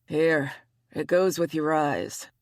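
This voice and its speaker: A woman's voice: low-pitched, animated, slow, no room sound, clean studio sound, exaggerated voice. A woman voicing a big, bald, sweet-natured man teasing his friend in mock-sweet tones, in an audiobook.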